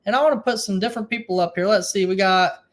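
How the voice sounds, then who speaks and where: A man with a drawl hosts a homestead livestream from his kitchen, picked up close on a phone or camera. He talks in a loose, chatty way and reads viewer comments aloud. At times he drops his voice to keep things quiet. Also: high-pitched, fast talker. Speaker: livestream host. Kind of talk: casual live-stream chat.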